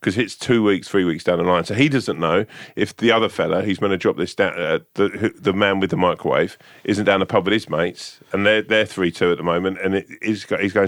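Deep-voiced man, rambling and jokey. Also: steady tone, fairly quick, few pauses, fairly bright tone, dry recording, clean studio sound. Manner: rambling, jokey storytelling with swearing. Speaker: podcast co-host. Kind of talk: casual chat.

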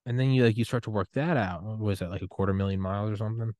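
A young man hosting a podcast, giving a rambling, excitable solo rant full of swearing and trailing restarts. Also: on the low side, very fast, dry recording. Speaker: podcast host.

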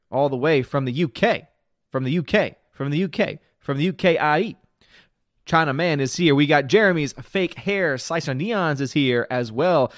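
A man's voice: a little high, no room sound, studio quality. A man hosting a casual live stream, greeting viewers by name and giving blunt, opinionated commentary. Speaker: livestream host reading chat.

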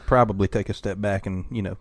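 A man's voice: fairly low pitch, fairly even intonation, fast talker, dry recording. A man co-hosting a casual podcast, reacting candidly with amusement. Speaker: podcast co-host. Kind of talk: casual chat.

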